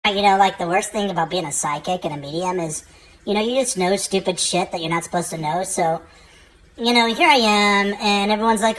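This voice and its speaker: A woman's voice: mid-range voice, steady tone, a little fast, a bit bright, poor audio. A woman doing a stand-up comedy routine, profane and rambling, full of fillers.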